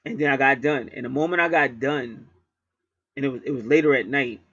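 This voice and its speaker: A man's voice: medium pitch, fairly quick, a bit bright, breathy edge, dry recording, highs cut off. A man at home telling a rambling story in a casual monologue, swearing freely and repeating himself. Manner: profane, rambling, repetitive. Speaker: channel host.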